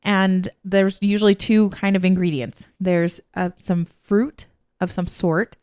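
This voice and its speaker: A woman's voice: mid-range voice, steady tone, measured pace, darkish tone, clear, resonant tone, no room sound, studio quality. A woman co-hosting a casual podcast, telling stories in a chatty way and acting out what people said. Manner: chatty storyteller, acts out quotes. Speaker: podcast co-host. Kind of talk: casual chat.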